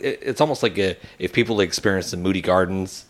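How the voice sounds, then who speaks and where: This podcast co-host, a man in his thirties with a low voice, talks fast as he tells a story in casual chat. He is an animated storyteller who acts out the people in it, doing their quoted voices.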